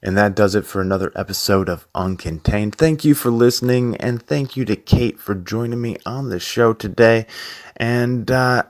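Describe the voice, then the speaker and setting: A man hosting a podcast, talking in a relaxed, friendly and joking way while he interviews a guest and closes the show. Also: fairly low pitch, dry recording, clean studio sound. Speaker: podcast host. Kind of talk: casual interview and show outro.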